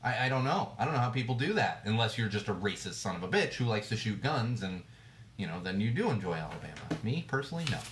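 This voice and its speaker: A man's voice: on the low side, very animated, quick pace, fairly bright tone, slight background noise. A man hosting a podcast, ranting casually and bluntly, with plenty of swearing, fillers and restarts. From United States. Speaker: podcast host. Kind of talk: casual solo rant. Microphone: livestream mic.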